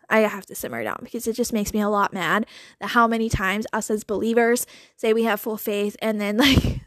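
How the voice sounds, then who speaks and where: A woman hosting a podcast, talking in a chatty, animated way with lots of filler words and little laughs. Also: fairly high pitch, no room sound, clean studio sound. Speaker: podcast host. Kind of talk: casual monologue.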